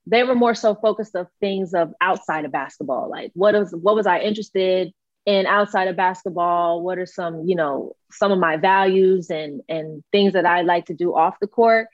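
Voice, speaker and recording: Young woman telling a relaxed story. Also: fairly low pitch, normal speed, dry recording, lo-fi sound. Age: young adult. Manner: relaxed, filler-heavy, acts out quoted dialogue. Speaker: college basketball player. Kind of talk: casual interview storytelling.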